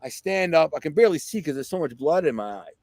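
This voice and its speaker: A man's voice: a little high, fast talker, dry recording. A middle-aged man from Detroit, a podcast guest, telling a vivid story in casual, conversational talk full of fillers. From Detroit, USA. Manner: vivid, excited storyteller who acts out quotes; conversational, with frequent fillers and "right?".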